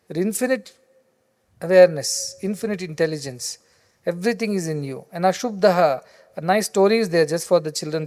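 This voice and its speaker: A man's voice: fairly high pitch, darkish tone. A man, a spiritual teacher, giving a discourse that mixes explanation and storytelling in an explanatory, digressive way. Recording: long reverb in a large hall.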